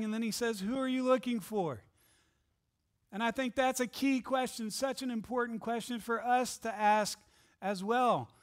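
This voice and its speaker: A man with a high, light speaking voice delivers an Easter sermon as a pastor. He preaches earnestly, returning again and again to searching rhetorical questions for the congregation. He speaks from a church sanctuary.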